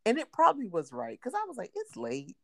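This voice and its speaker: A woman's voice: fairly high pitch, a little fast, vocal fry, no echo, studio quality. A woman in her thirties chatting casually as a podcast co-host, telling stories and acting out quotes. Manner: animated storyteller acting out quotes. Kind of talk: casual chat.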